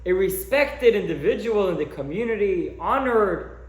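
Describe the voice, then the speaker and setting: A man's voice: high-pitched, animated, moderate pace, voice pushed up. A man voicing a rabbi who speaks formally and solemnly at a funeral. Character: composed male rabbi giving a eulogy. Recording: roomy echo.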